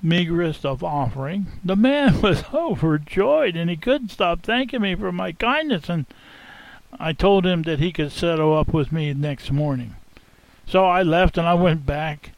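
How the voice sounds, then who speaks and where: A man telling a first-person dramatic monologue as an innkeeper, theatrical and expressive, savoring the tale. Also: a little high, measured pace, gravelly, dry recording, poor audio. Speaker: storyteller.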